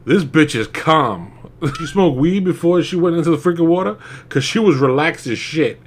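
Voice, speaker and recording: A man's voice: on the high side, lively intonation, moderate pace. Young man, casual movie reviewer, rambling and profane, laughs often.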